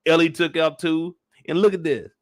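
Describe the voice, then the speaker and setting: A young man talks through a TV episode in a loose, animated and profane way, cracking jokes and now and then breaking into shouts. His voice sits a little high for a man. The sound is dry and close, with no room around it. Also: moderate pace, dry recording. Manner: animated, profane, joking, jumps into loud shouted bits. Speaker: show recap reviewer. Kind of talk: casual live recap commentary.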